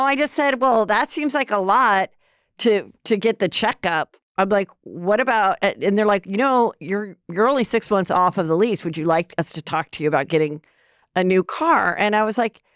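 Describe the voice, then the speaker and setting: A woman's voice: mid-range voice, normal speed, clear, resonant tone, no room sound, studio quality. A middle-aged woman hosting a podcast, chatting casually and telling stories in which she quotes dialogue. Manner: chatty, animated storyteller quoting dialogue. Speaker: podcast host.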